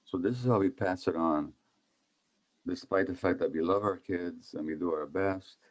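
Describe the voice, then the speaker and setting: Man, 70s, from Hungary, very low voice, conversational lecture, asks the audience questions. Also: moderate pace. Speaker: physician speaker. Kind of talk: public talk on trauma.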